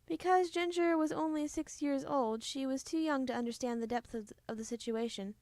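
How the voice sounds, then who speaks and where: Woman, storybook reader, high voice, gentle, expressive, dry close recording. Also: a little fast, dry recording. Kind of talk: reading a children's book aloud.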